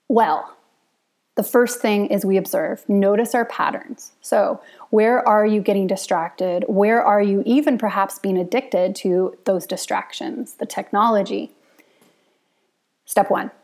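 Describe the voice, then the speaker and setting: A woman yoga and Ayurveda teacher giving a reflective talk in a gentle, unhurried way, laughing often as she speaks. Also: mid-range voice.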